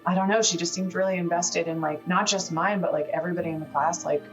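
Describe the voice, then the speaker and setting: A woman playing a tabletop game over a video call, talking in character in a halting, rambling way full of fillers. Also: lowish voice, fairly even intonation, lo-fi sound, faint music behind. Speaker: tabletop player.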